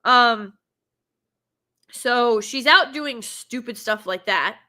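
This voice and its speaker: A woman's voice: a little high, takes it slowly, pushed and bright. A woman giving a casual film reaction review, sarcastic and exasperated as she rants.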